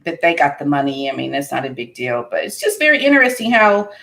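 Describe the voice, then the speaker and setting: A woman's voice: deep voice, big pitch swings, quick pace, creaky, fairly bright tone. An American woman hosting a podcast, chatting casually and thinking aloud with lots of fillers and restarts. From United States. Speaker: podcast host. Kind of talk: casual chat.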